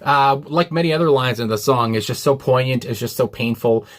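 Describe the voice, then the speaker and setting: A young man talks through a music reaction in an easy, rambling way, stopping often for fillers. He quotes lyrics with earnest feeling, and his voice sits at an ordinary middle pitch. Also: brisk. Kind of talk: casual reaction commentary. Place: small hot room indoors.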